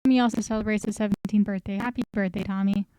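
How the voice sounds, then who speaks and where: A woman's voice: mid-range voice, fairly even intonation, quick pace, mellow, slight background noise, poor audio. A woman casually recapping a story, chatty and full of joking asides. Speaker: recap host.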